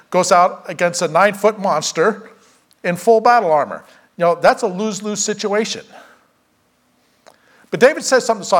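A man preaching a casual Bible story sermon, acting out the characters' lines as he tells it. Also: high-pitched. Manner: animated, acts out characters' lines.

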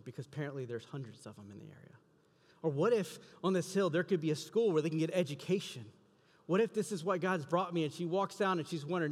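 A man's voice: fast, breathy edge. A man preaching a sermon as a story, acting out the quoted lines with a lifted voice and more volume. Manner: acts out quoted dialogue, rising in pitch and volume. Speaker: pastor. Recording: reverberant hall.

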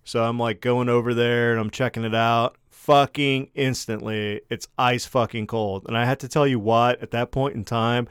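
A man's voice: mid-range voice, fairly even intonation, normal speed, hardly any pauses, clear, resonant tone, dry recording, clean studio sound. A young man co-hosting a podcast, telling a story in casual, profanity-heavy chat. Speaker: podcast co-host.

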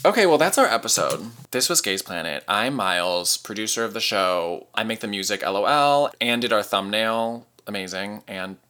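A man's voice: lowish voice, moderate pace, hardly any pauses. A man hosting and producing a podcast, chatting casually and gushing like a fan, with lots of "like"s. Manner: gushing, animated fan talk with many "like"s. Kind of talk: casual chat.

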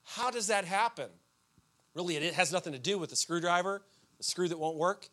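Bright, high-voiced pastor preaching. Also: male voice, brisk. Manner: animated storytelling with sudden shouted outbursts. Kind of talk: sermon.

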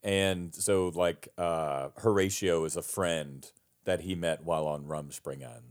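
A man's voice: low-pitched, steady tone, measured pace. A man on a headset mic, telling a rambling, self-deprecating story in casual chat and laughing often.

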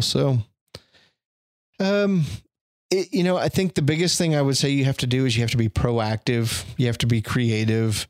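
A man's voice: mid-range voice, no echo, studio quality. A middle-aged man as a podcast guest, talking in a reflective, thorough and self-deprecating way. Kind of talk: casual conversational interview.

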